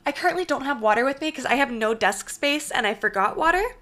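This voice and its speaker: A young woman streaming from a small bedroom alcove, chatting casually and thanking viewers effusively, her voice slightly hoarse. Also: high-pitched, animated, fast, a bit bright. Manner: bubbly, effusive thanks to chat. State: slightly hoarse, voice partly gone. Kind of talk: casual live-stream chat.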